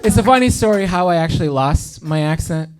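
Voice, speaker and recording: A man in his thirties from India doing a stand-up set on stage in a comedy theater, speaking in a dry, deadpan way and pausing for punchlines. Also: a little high, clean tone. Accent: neutral American-sounding. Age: 30s. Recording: live room with audience noise. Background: audience laughter.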